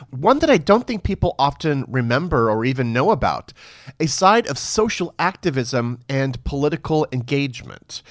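A man's voice: fairly high pitch, no room sound, studio quality. A man co-hosting a history podcast, narrating and bantering playfully with his co-host, laughing often.

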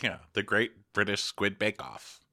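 Bright-voiced joking male podcast host. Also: on the low side. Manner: animated, joking, quick plugs. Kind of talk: casual comedic recap chat.

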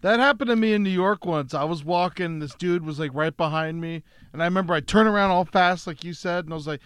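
A man's voice: high voice, quick pace, few pauses, clear, resonant tone, no room sound, studio quality. A man co-hosting a podcast, telling stories casually and acting out confrontations. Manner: lively storyteller, acts out confrontations. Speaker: podcast co-host. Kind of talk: casual chat.

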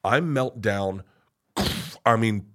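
A middle-aged man telling a long story as a podcast guest, cursing freely and swinging from hushed to loud. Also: on the low side, slow pace, noisy background. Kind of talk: casual storytelling.

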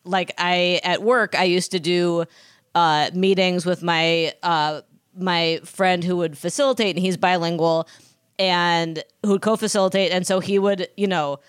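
A woman's voice: lowish voice, steady tone, measured pace, smooth, no room sound, clean studio sound. A woman co-hosting a casual gossip podcast, telling rambling, digressive stories. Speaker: podcast co-host.

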